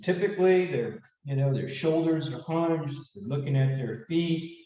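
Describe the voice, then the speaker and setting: A man giving an animated, casual motivational lecture who asks the audience questions. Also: fairly high pitch, a little slow, slight background noise. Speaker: speaker giving a leadership talk. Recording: echoey room, mic at a distance.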